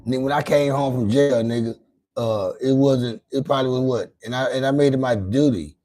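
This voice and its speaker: A man's voice: mid-range voice, fairly quick, warm tone, rough recording. A man hosting a casual late-night livestream, talking in a loose, rambling and profane way, often repeating and restarting his words. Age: adult with grown children. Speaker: livestream host.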